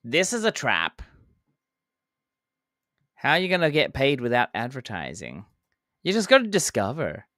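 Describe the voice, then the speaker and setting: Streamer talking to chat mid-game, bouncy up and down voice, takes it slow, goofy little sound effects. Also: medium pitch, huge pitch swings, fairly bright tone, no room sound, studio quality. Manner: chatty, answers chat, counts down and makes playful sound effects. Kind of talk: casual live-stream chat while playing.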